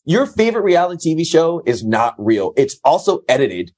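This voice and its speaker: A man's voice: fairly high pitch, sing-song, brisk, a little mellow. Blunt, foul-mouthed man telling stories. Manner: profane, blunt storytelling. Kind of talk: casual storytelling.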